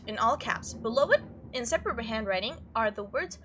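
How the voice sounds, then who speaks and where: A woman playing a spooky visual novel, reading the text aloud and reacting in an expressive, giggly way. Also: on the high side, normal speed, slight background noise. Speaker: let's play streamer.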